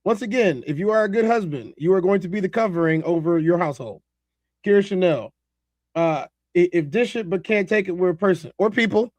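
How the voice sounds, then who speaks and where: This high-voiced man talks a little fast while hosting a live reaction stream for a video. He laughs, addresses his chat, and reads their comments out loud with lots of energy. There's no room sound in the recording.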